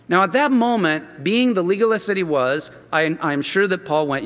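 A male preacher with a high, bright and sharp voice tells a story in an earnest, emphatic sermon. He often restarts his phrases. The sound rings with the long reverb of a large hall. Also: expressive, moderate pace, hardly any pauses.

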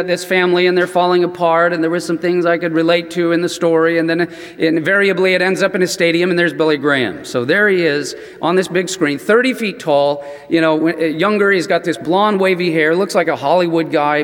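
Man, preacher, storytelling sermon, chatty, animated, high voice, long hall reverb. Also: moderate pace, a faint crowd, slight background noise. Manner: chatty, animated, many "you know" asides.

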